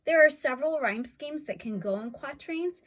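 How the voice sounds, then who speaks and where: A woman's voice: high voice, expressive, moderate pace. A woman teacher explaining poetry in a video lesson, upbeat and explanatory, tapping out beats as she goes. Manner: clapping out syllables, upbeat and explanatory. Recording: faint music in background.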